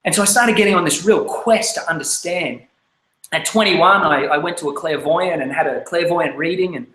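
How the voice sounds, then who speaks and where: Australian man in his thirties, life story talk, candid, fairly high voice, echoey room. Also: a bit bright. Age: 30s. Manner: candid, storytelling, acts out his past self. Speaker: speaker.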